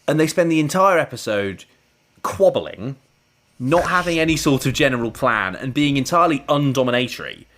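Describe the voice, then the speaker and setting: A man's voice: medium pitch, animated, normal speed, fairly bright tone. A man co-hosting a podcast, chatting casually about a TV serial in a rambling way. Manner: rambling, chatty, with frequent "like" and laughs. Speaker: podcast co-host. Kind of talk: casual chat reviewing a TV serial.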